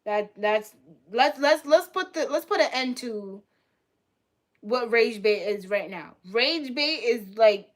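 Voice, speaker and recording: A young woman on a live stream ranting in a heated way, swearing often and going back over the same points. Her voice sits a little high for a woman. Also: lively intonation, slow. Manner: heated, profane, repeats herself. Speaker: livestreamer. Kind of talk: casual live-stream reaction rant.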